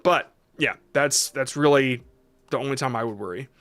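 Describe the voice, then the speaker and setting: This man hosts a casual livestream reviewing shorts, reading chat questions aloud and answering off the cuff with lots of fillers and restarts. His mid-range voice has a fairly bright tone and moves at a normal speed.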